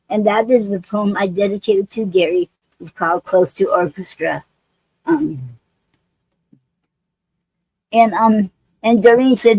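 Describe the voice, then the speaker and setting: A woman hosting a poetry show, reading love poems and chatting in a halting way with many fillers and restarts. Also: medium pitch, darkish tone, breathy edge, no echo, low-quality recording.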